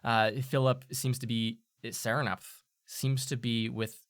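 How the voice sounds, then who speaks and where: A man narrating as game master of a tabletop game, animated and full of fillers. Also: mid-range voice, measured pace, smooth, no echo, studio quality. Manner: animated, laughing, many fillers.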